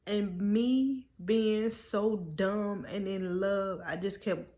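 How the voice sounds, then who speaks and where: A woman's voice: medium pitch, takes it slowly, warm tone. A young woman telling her story in a vlog, emotional and earnest, holding back tears as she pleads with viewers. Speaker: vlogger.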